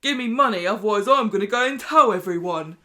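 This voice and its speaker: A woman voicing a smug, pushy man with a southern English accent, loud and jeering as he blackmails. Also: medium pitch, animated, fast, voice pushed up. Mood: smug threatening.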